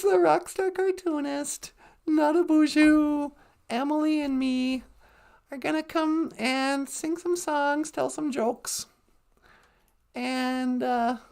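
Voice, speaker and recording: A woman co-hosting a podcast in casual chat, chatty and animated, quoting movie lines as she talks. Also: high voice, gravelly. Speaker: podcast co-host.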